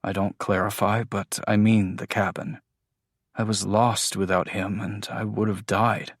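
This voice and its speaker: Male audiobook narrator, first person; low, unhurried, heartfelt read, dry close booth sound. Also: flat delivery, dry recording. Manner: intimate, emotional storytelling.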